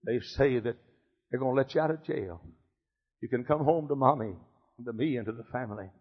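A husky-voiced preacher puts on a little blind girl, gentle and pleading, her words hushed and soft. The sound is dull and lo-fi, like an old sermon tape. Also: medium pitch, brisk, in a large hall, pitched below the performer's own voice, close to an everyday voice.

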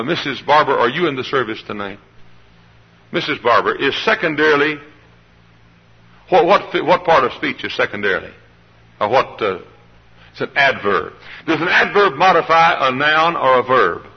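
A husky, breathy man preaches with a swooping, lively delivery. He calls on church members by name and gets the congregation to answer back. The old live recording sounds muffled and lo-fi. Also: a little high. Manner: animated preaching with congregation call-and-response. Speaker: pastor. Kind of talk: sermon. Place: church service.

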